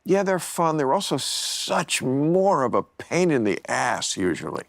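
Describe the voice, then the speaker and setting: A man's voice: on the high side, big pitch swings, a little slow, vocal fry, no room sound, studio quality. A man hosting a casual podcast chat, blunt and opinionated, swearing freely. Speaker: podcast host.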